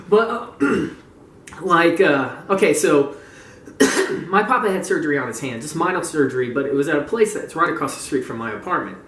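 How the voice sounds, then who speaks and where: A man's voice: on the high side, expressive, moderate pace, a bit bright, recorded from a distance, a little hiss or hum. Gleeful, swearing man ranting in an echoey room. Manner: gleeful, mocking, laughs often, swears freely. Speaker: gaming community vlogger. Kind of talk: casual profane rant. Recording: roomy, voice away from the mic.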